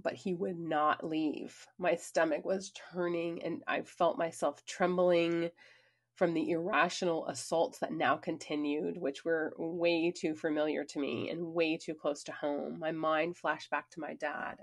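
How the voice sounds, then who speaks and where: Woman reading her own memoir, lowish voice, earnest and emphatic, chatty asides. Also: fairly even intonation, moderate pace. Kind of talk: personal memoir narration.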